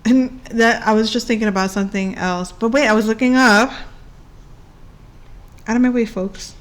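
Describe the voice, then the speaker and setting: A woman with a slightly high voice and fairly even intonation speaks at a normal speed. She's doing a casual astrology reading, chatty and playful, frequently laughing and breaking into bits of song.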